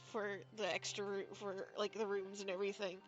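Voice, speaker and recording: A woman's voice: medium pitch, little pitch movement, moderate pace, dull audio, faint music behind. A woman playing a tabletop game, chatting casually and swearing freely. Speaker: player.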